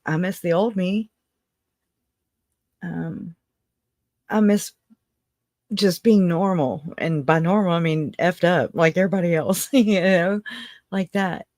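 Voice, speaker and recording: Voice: mid-range voice, slow, long pauses, a little mellow, no room sound, studio quality. Rambling livestream host, laughs a lot. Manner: rambling, emotional, breaks into laughter often. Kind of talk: casual livestream chat, reading out viewer comments.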